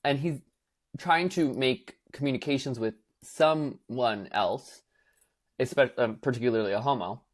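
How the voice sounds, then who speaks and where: Unhurried and mid-range in pitch, a young podcast co-host chats casually. He tells a spirited story, playing out the quotes and sprinkling in lots of filler words.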